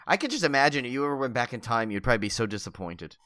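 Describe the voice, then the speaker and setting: A man's voice: medium pitch, animated, racing, over a noisy crowd. A man co-hosting a podcast in casual chat, throwing in playful, teasing quips. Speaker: podcast co-host.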